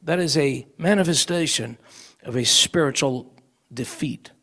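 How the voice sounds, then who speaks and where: A man's voice: on the high side, a little slow, pushed and bright. A male preacher giving a sermon, telling stories and acting out the voices of people he quotes.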